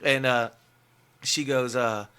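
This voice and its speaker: A young man, a guest musician, telling a rambling, excitable story in a casual podcast interview, full of filler words. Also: mid-range voice, takes it slowly, smooth.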